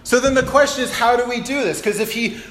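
A man preaching a sermon to a congregation, animated, acting out Bible quotes and laughing at himself. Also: very high voice, quick pace. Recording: echoey hall.

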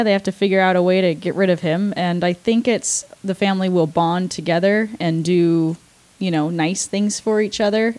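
A woman's voice: lowish voice, darkish tone. Hesitant young woman, casual chat. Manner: hesitant, laughs often. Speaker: podcast guest.

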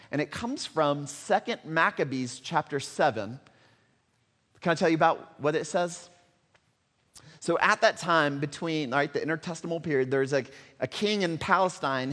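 Male pastor, dramatic sermon storyteller, long hall echo. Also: on the high side. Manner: dramatic storytelling, swings between loud and hushed.

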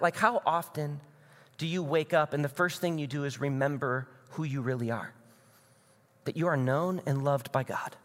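A male pastor from the American Midwest delivers a sermon in a fairly high voice, easy and conversational one moment and emphatic the next. The sound carries the long reverb of a large church hall. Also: a bit bright. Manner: conversational preaching, rising to emphatic bursts.

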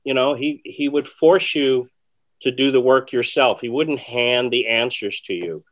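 Soft-spoken rambling magician. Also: male voice, measured pace. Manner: rambling and conversational, many fillers and restarts; often soft and low, with lively bursts. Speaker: magician, interview guest. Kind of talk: casual interview storytelling.

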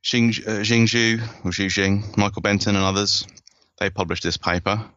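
A man's voice: lowish voice, fairly even intonation, moderate pace, fairly bright tone, no room sound, muffled recording. A man hosting a casual science podcast, enthusiastic, laughing often as he rambles through paper details. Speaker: podcast host.

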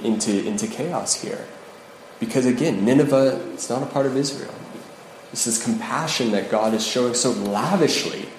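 A man preaching a conversational podcast sermon on scripture, often checking in with listeners by asking "right?". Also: mid-range voice. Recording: echoey room with noticeable ambient noise.

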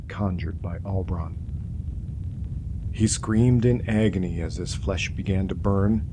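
A man narrating a dark fantasy story in a slow, measured way. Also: sits low.

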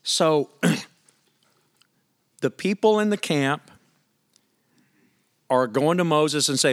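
Casting: male pastor with a slightly high voice, chatty sermon delivery, rhetorical questions. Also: lively intonation, extremely slow, pauses often. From United States. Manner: conversational, candid preaching with rhetorical questions.

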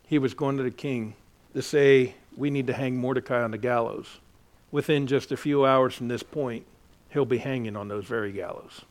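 A man preaching a sermon, swinging from hushed asides to loud, impassioned exhortation and talking directly to his congregation. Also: mid-range voice. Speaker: pastor.

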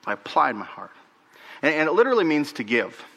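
A male pastor preaching a sermon, animated, repeating words and swinging from emphatic highs to hushed, near-whispered lows. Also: a little fast, vocal fry, big-room sound.

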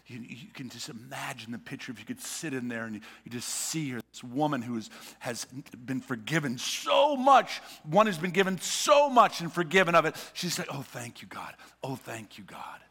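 A man preaching a sermon as a pastor, swinging from loud urging to hushed whispers and repeating words as he builds. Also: on the high side, expressive, moderate pace, slightly rough, long reverb tail.

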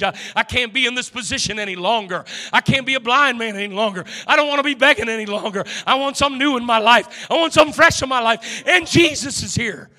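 A man preaching an impassioned sermon, acting out voices and swinging from shouts to hushed lines. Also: very high voice, quick pace, hardly any pauses, big-room sound. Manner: dramatic, acts out the beggar's inner voice, swings from shouting to hushed.

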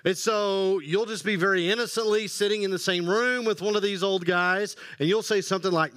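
A man's voice: high-pitched, moderate pace, fairly bright tone, no echo, studio quality. A male pastor preaching a conversational sermon, often asking his listeners questions. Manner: conversational, asks the audience questions.

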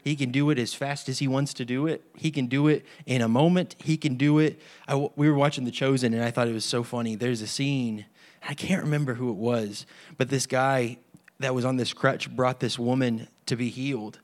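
A man's voice: medium pitch, steady tone, a little fast. A man giving an informal sermon-style teaching on healing prayer, earnest and conversational, acting out the voices of people in his stories. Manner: earnest, acts out quoted voices. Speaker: healing ministry leader.

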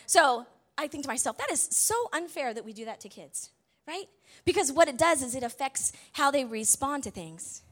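A woman preaching a sermon, telling a personal story in a chatty, animated way with asides to the congregation. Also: on the high side.

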